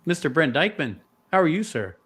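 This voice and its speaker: A man's voice: a little high, sing-song, a little fast, fairly bright tone, breathy edge. A man hosting a podcast and welcoming his co-hosts in casual chat. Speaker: podcast host.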